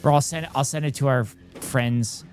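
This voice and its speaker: A man's voice: mid-range voice, measured pace, a little mellow, faint music behind. Chatty male streamer in his thirties. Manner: chatty, reads chat aloud, self-deprecating. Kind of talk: casual live-stream chat.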